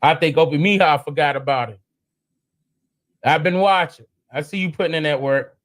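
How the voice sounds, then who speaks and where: A man hosting a live stream in casual, slangy chat, animated and prone to sudden high exclamations. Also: moderate pace.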